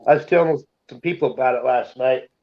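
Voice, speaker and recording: A man's voice: mid-range voice, fairly quick, highs cut off, a little hiss or hum. A man in casual group chat, telling a story in an easygoing way.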